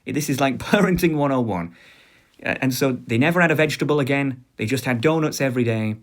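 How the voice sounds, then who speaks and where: A man's voice: medium pitch, fast. A man hosting a commentary video, casually walking through hypothetical scenarios with sarcastic asides and rhetorical questions.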